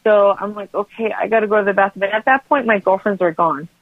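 A woman's voice: medium pitch, fairly even intonation, fast talker, no echo. A woman telling a personal story as an interview guest, rambling with frequent restarts and filler words. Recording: tinny phone line, dry.

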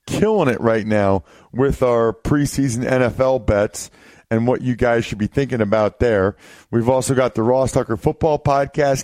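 A man's voice: medium pitch, a little mellow, no echo. A man hosting a fantasy football podcast, upbeat and exclamatory as he wraps up the show in casual chat. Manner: hyped, exclamatory, playful. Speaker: podcast host.

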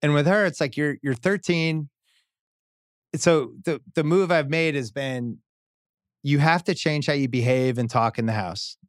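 A man's voice: on the high side, measured pace, no echo, studio quality. A middle-aged man hosting a podcast, chatting casually about his kids and old video games. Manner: reads ad copy, then chats about his kids. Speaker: podcast host. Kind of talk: casual chat.

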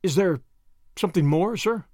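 A man's voice: high-pitched, moderate pace, a little mellow, no room sound, clean studio sound. A man reading an audiobook, voicing a young Englishman who is earnest and shaken, in a clipped, earnest way. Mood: downcast.

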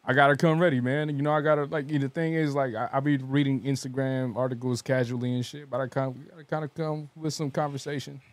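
A man's voice: medium pitch, level tone, quick pace, few pauses, no room sound. A young man co-hosting a casual podcast, talking in a laid-back way and shrugging things off. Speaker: podcast co-host. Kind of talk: casual chat.

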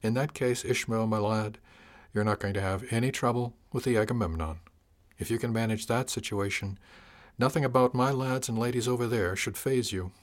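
A man voicing a weary middle-aged starship captain who speaks softly, quickly and earnestly in an audiobook. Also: mid-range voice, natural voice. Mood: wry. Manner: soft, quick, earnest delivery. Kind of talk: audiobook character voice.

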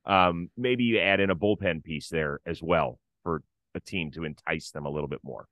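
This podcast host, a middle-aged man, guides a casual sports talk show, setting up topics and leading segments in a conversational manner. His voice sits low and a bit bright at a normal speed, recorded at studio quality with no echo.

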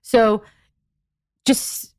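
A woman's voice: drawn-out words, a little mellow, no echo, clean studio sound. A woman in her forties, a physical therapist guest on a podcast interview, explaining things step by step with emphasis.

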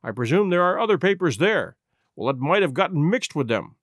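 A man's voice: on the high side, big pitch swings, no echo, clean studio sound. A man voicing a cool, shrewd detective. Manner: measured, cool reasoning. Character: calm shrewd male detective.

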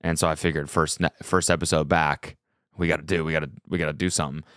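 Deep-voiced, joking male podcast host. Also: little pitch movement, fast talker, a bit bright, clear, resonant tone, dry recording, studio quality. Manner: loose, joking, full of fillers and restarts. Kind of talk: casual chat. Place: small podcast set. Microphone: studio podcast mic.

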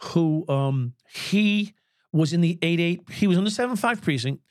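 A former police officer in his sixties, guesting on a podcast, speaks in a fairly high, animated and slightly mellow voice at normal speed. He shares candid stories bluntly, swearing freely and chuckling, in a clean studio recording with no room sound.

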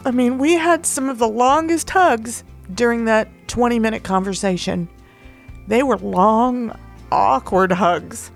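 A woman hosts her own podcast and tells a personal story in a loose, rambling monologue. Her voice sits a little high and carries a gravelly, fry-edged texture. She speaks candidly and emotionally, with the odd casual curse. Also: unhurried, faint music behind. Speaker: podcast host.

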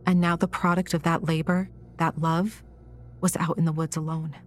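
Woman, audiobook narrator, horror story, low voice, flat even delivery, faint music. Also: moderate pace.

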